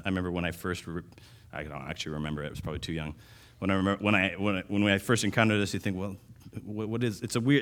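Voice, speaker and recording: A man preaching a sermon in a conversational way, restarting phrases and rising in volume for emphasis. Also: sits low. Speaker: pastor.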